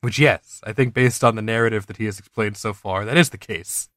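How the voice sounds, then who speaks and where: A man's voice: on the low side, brisk, fairly bright tone, dry recording, clean studio sound. A man co-hosting a podcast, reading a listener's story aloud and breaking off with chatty asides. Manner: reads in quotes, breaks off with asides and laughs. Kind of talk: casual chat, reading aloud.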